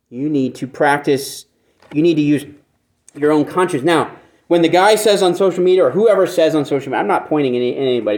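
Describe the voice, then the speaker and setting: A man's voice: fairly high pitch, a little mellow. A man preaching a conversational sermon who keeps asking his listeners rhetorical questions and repeats phrases for emphasis. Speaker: pastor.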